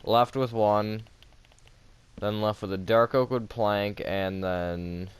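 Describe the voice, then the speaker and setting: A man's voice: fairly low pitch, fairly even intonation, slow pace, smooth, no echo. A man hosting a casual game building tutorial, chatty and self-mocking, with lots of fillers, recorded at home on a close desk mic.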